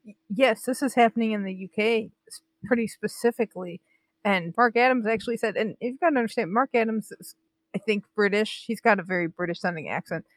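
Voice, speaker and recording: A woman co-hosting a casual sports chat show, talking in an animated, indignant way with frequent restarts. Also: medium pitch, a little fast, no echo. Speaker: podcast co-host. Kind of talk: casual chat about Olympic news.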